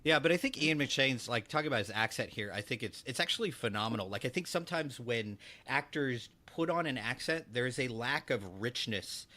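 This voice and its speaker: A man's voice: medium pitch, animated, brisk, hardly any pauses, bright, forceful tone. A man co-hosting a podcast, chatting casually and thoughtfully. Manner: thoughtful, brief agreeing replies. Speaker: podcast co-host. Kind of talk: casual chat.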